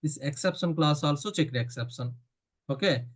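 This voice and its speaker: A man with an Indian English accent leads a live online coding lesson over a video call. His voice sits a little high. He keeps asking his students questions and then answers them himself. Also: normal speed. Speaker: programming instructor.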